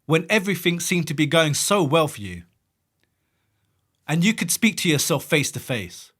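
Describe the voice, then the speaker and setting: Guy hosting a podcast, higher voice, bouncy intonation, asking questions. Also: sing-song, normal speed, fairly bright tone. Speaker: podcast host. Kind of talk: interview questions.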